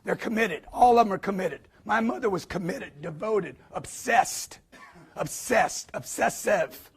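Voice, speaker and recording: A man giving a live motivational sales talk to an audience, emphatic and preachy, with punchy repetition and quick acted-out quotes. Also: high voice, gravelly, breathy edge. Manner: acts out quotes in put-on voices.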